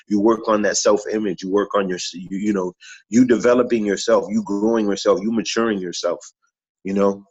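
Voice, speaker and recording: A man's voice: fairly low pitch, slightly rough, highs cut off. A man who is a regular on a morning talk show, giving an earnest, repetitive motivational talk in a preachy way.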